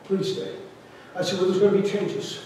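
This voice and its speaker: An older man preaching a testimony sermon, telling a story and swinging from loud to hushed. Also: sits high, fairly even intonation, normal speed, a little hiss or hum. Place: large church hall. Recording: echoey hall from far off.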